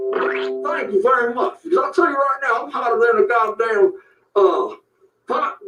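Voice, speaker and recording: A shrill, crude cowboy sheriff, blustering and boastful, parody rant, roomy distant sound. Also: male voice, highs cut off. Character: brash crude self-styled cowboy sheriff, grown man, boastful and threatening.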